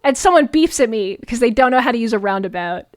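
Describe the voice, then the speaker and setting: A young adult woman streamer telling a story in casual chat, animated, swearing often and laughing between lines. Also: on the high side, fast, dry recording, clean studio sound.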